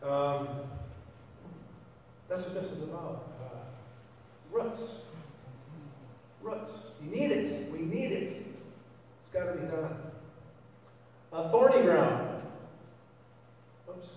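A man's voice: on the high side, lively intonation, slow, long pauses, darkish tone, slight background noise. A man preaching a casual, rambling sermon full of fillers and restarts, as pastor of his church. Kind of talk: conversational sermon. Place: church sanctuary. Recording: echoey church hall, mic far off.

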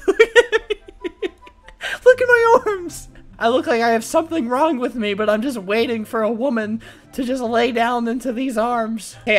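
A young man giving excitable, foul-mouthed comedic commentary while playing a game, often bursting into laughter. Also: high-pitched. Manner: excitable, swears a lot, frequent laughing outbursts. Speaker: gaming YouTuber. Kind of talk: comedic let's-play commentary.

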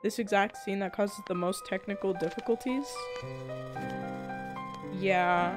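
A woman's voice: mid-range voice, a little slow, over music. A young woman streaming a game live, reacting to chat with exasperated outbursts of disbelief. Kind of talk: live gameplay commentary.

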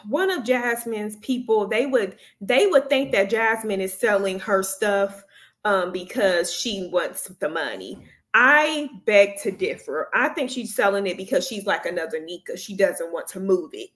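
A woman's voice: medium pitch, lively intonation, fairly bright tone. Woman reaction host, sassy and doubting, roomy echoey sound. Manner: sassy, skeptical, drawn-out asides. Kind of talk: reaction commentary.

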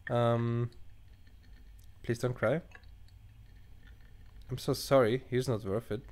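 A man's voice: mid-range voice, steady tone, slow, darkish tone. A man playing a chat-based game, reading the dialogue aloud and cutting in with sarcastic, crude asides. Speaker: let's play gamer. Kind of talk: casual let's play commentary. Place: at home at a computer.

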